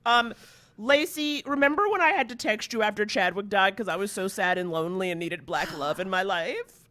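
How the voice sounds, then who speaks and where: A woman's voice: medium pitch, fairly quick, a bit bright. A woman comedian from Harlem in casual comedic chat, telling stories animatedly and acting out the lines she quotes. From Harlem, New York. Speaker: comedian guest.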